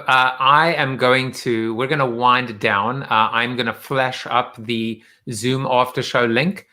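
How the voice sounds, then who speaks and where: A man's voice: medium pitch, sharp tone. A man hosting a live online talk show, chatting casually with many fillers and restarts. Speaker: show host. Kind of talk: casual live-stream chat.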